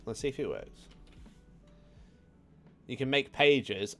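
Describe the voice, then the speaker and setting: A man's voice: mid-range voice, slow pace, pushed and bright, faint music behind. A young man hosting a casual livestream, laughing often and checking his audio setup with his viewers. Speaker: livestream host.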